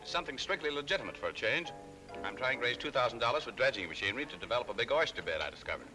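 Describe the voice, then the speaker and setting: A man playing a smooth, persuasive schemer in a 1940s film comedy. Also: medium pitch, lively intonation, rapid-fire, music in the background, lightly acted, poor audio. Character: smooth-talking male hustler with schemes.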